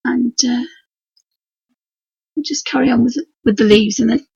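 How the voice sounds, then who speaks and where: A woman with a Yorkshire accent and a hoarse, croaky voice chats in a homely, rambling way while she demonstrates painting on a live stream from her desk at home. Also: on the high side, measured pace, a little mellow, no room sound. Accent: Yorkshire English. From Yorkshire, England. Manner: homely, rambling, talks to her dog and viewers. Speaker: craft tutor streaming live. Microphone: computer mic for a live stream. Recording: dull lo-fi live stream audio.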